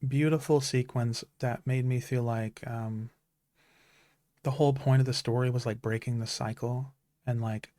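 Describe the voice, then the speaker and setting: A man in his thirties, a streamer, speaks in a mid-range, mellow voice with fairly even intonation at a moderate pace, and there's no room sound. In casual chat, he talks earnestly and from the heart about stories that matter to him, restarting often.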